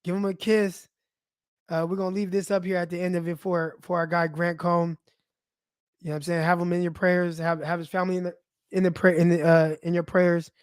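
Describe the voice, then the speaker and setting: A young man hosts a sports podcast, speaking in a casual, heartfelt monologue full of fillers and personal asides while he's teary-eyed. His voice is high-pitched with little pitch movement, fairly quick and smooth. The recording is clean studio sound with no room echo.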